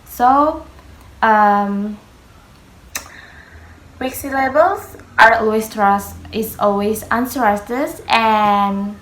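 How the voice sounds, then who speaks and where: A young woman whose first language is Indonesian, a student giving a class presentation on pronunciation, slow and halting, carefully spelling out words. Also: on the high side, a bit bright. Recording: echoey room.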